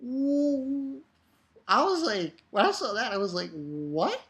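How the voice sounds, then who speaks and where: A woman gives an excitable, casual spoken review of a manga chapter, swearing freely and often restarting her sentences. Her voice sits in the mid-range at a normal speed.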